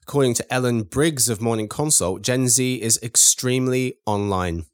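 A man's voice: mid-range voice, normal speed, no room sound, studio quality. A man hosting a panel podcast, reading stories and running a quiz game in a playful, upbeat way. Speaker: podcast host.

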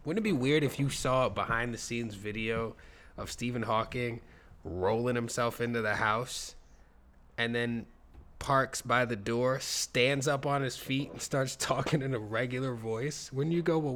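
A man in casual chat, animated and slangy, laughing often. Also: mid-range voice, unhurried, slight background noise.

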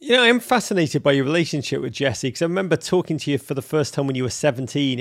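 A man hosting a podcast interview in a jokey, theatrical way. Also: a little high. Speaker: podcast host. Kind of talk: playful interview.

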